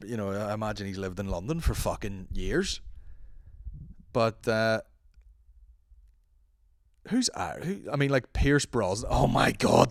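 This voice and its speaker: Lively, swearing Irish podcast host. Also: male voice, mid-range voice, dry recording, clean studio sound. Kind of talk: solo podcast chat.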